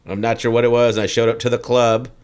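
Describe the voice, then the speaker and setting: A man's voice: mid-range voice, level tone, fast, smooth. A man co-hosting a comedy podcast, telling rambling, crude stories in casual chat. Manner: rambling, crude joking storytelling.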